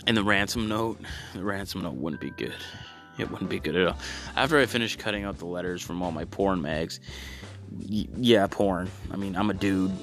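A man performing a profane stand-up comedy monologue, with halting ums and stammered restarts, breaking into loud acted-out voices. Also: low-pitched, faint music behind. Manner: profane, acts out loud shouted voices in bits.

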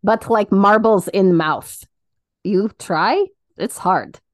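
A woman's voice: medium pitch, takes it slowly, no echo, studio quality, close to an everyday voice. A woman putting on a mock Russian accent, talking in broken English with dropped articles. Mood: coaxing.

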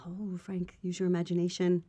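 A woman co-hosting a casual chat podcast, telling stories in an animated, quick way. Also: lowish voice, slightly rough. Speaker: podcast co-host.

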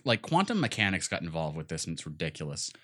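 A man's voice: sits low, wildly swooping pitch, fast talker, a bit bright. A young man co-hosting a casual podcast, rambling enthusiastically about video games with lots of fillers. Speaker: podcast co-host. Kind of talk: casual gaming chat.

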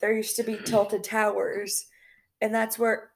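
A young woman with a fairly high voice and a lot of gravelly fry, chatting loosely on a home podcast. She rambles, restarts her sentences and giggles between thoughts. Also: monotone, unhurried. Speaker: podcast co-host. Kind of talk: casual chat.

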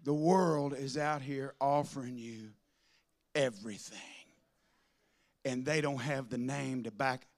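A man preaching a sermon to a congregation, swinging from loud declarations to soft asides. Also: medium pitch, slow, pauses often. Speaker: pastor. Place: church with a congregation.

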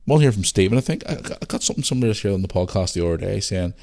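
A man's voice: sits low, animated, rapid-fire, creaky, warm tone. A man with a Northern Irish Belfast accent hosting a podcast and chatting casually, rambling with lots of restarts and the odd swear. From Northern Ireland. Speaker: podcast host. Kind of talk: casual solo podcast chat.

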